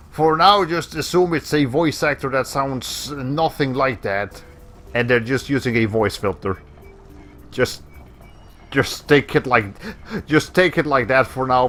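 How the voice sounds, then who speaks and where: Guy streaming a game, rambly and laughy, bright punchy voice. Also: medium pitch, a little hiss or hum. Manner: rambling, laughs often, self-correcting. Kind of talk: casual gameplay commentary.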